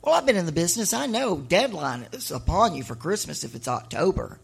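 Middle-aged woman, raspy gravelly voice, pitched a bit high, chatty animated storytelling on a stage. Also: brisk. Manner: chatty, animated, laughing asides. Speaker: author and honorary mayor addressing an audience. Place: live event on a stage.

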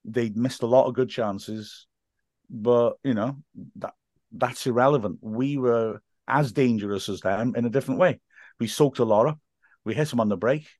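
A man's voice: mid-range voice, normal speed, a little mellow, dry recording, studio quality. Chatty man telling stories with laughs. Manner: chatty storytelling, laughs often, mimics voices in quotes. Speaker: podcast guest, stadium announcer and school teacher. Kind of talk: casual podcast interview.

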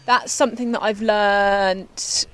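A woman's voice: medium pitch, fairly even intonation, takes it slowly, a little hiss or hum. A young woman, chatting casually as a podcast guest, laughing often and swearing offhandedly. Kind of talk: casual chat.

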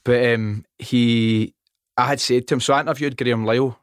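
A man's voice: medium pitch, fairly even intonation, no echo. A Scottish man hosting a podcast, telling anecdotes and swearing casually in a studio. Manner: quick anecdotal storytelling, swears. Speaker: podcast host.

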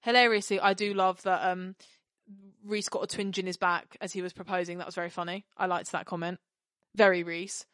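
A woman co-hosting a podcast in casual chat, animated and rambling, apologising and laughing often. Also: medium pitch, dry recording, studio quality. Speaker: podcast co-host.

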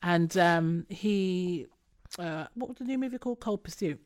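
A woman's voice: fairly low pitch, measured pace. A woman co-hosting a casual chat, swearing freely and breaking into mocking impressions. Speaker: podcast co-host.

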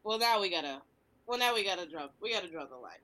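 A woman's voice: fairly low pitch, animated, fast talker, a crowd in the background. A woman from the Philadelphia area hosting a casual podcast chat, earnest and reflective, thinking aloud in long runs. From Delaware County, Philadelphia area. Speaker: podcast host and comedian.

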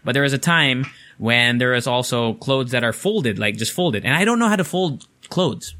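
Bright-voiced man rambling casually. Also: medium pitch, animated, normal speed. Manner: profane, rambling, full of fillers. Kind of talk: casual storytelling.

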